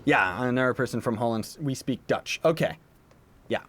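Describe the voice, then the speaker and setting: A man's voice: mid-range voice, normal speed, a bit bright. A young man streaming a game, casually chatting and answering viewers' questions in a playful, joking way. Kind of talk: casual livestream chat. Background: game background music.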